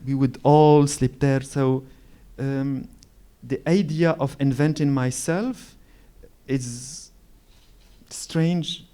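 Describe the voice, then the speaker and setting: Slow-spoken man in his forties. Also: medium pitch, fairly even intonation, warm tone, clear, resonant tone. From Morocco. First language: Moroccan Arabic. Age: 40s. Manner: searching for words, frequent restarts and pauses. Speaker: author speaking at a literary event. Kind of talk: reflective storytelling on stage.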